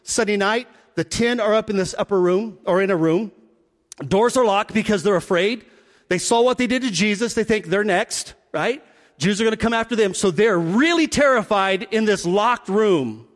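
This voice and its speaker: A man's voice: sits high, big-room sound. A man preaching a sermon, acting out the scenes as he tells them. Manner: animated, acts out scenes with quick voice shifts. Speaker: pastor.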